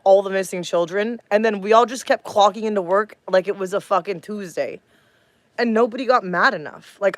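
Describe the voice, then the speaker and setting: A woman's voice: medium pitch, no echo. A woman in her thirties talking bluntly to her live stream chat, combative and swearing heavily. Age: 30s.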